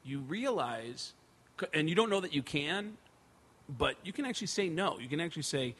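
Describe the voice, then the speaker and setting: High, bright-voiced comedian telling stories. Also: male voice, normal speed, husky. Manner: animated, swears a lot, acts out voices. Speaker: stand-up comedian, guest. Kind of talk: casual storytelling chat.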